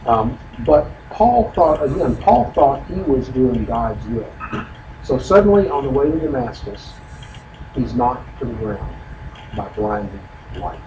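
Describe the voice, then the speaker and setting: A man's voice: mid-range voice, big pitch swings, unhurried. A man teaching a conversational Bible study, explaining scripture in a folksy way with many asides. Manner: explanatory, folksy, frequent "you know" asides. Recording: echoey room from far off with noise.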